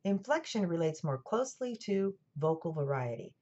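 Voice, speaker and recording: Woman lecturer, lowish voice, dull recording. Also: big pitch swings, darkish tone. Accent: General American. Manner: clear, measured explaining with dry asides. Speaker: college lecturer. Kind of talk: scripted lecture narration.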